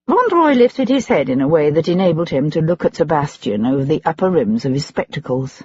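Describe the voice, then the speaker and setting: Husky audiobook narrator, dull recording. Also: mid-range voice, very animated, brisk, few pauses, darkish tone. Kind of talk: scripted narration.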